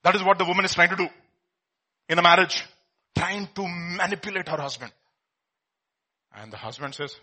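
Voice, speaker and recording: A man preaching a sermon, telling a film story with swings from hushed to loud. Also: fairly high pitch, a little fast, pauses often, husky. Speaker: pastor.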